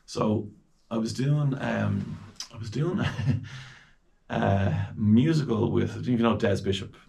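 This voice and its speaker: A man's voice: lowish voice, slow pace, vocal fry. An Irish man in his forties telling stories as a guest in a casual chat, bringing quoted people to life. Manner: lively anecdotes with quoted voices.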